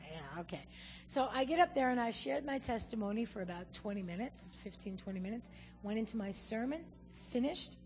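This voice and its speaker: A woman's voice: on the high side, brisk. Lady preacher telling stories in a sermon, acts out the quotes, long echo from the church hall. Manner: animated storyteller, acts out quotes. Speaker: guest preacher. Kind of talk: sermon with storytelling.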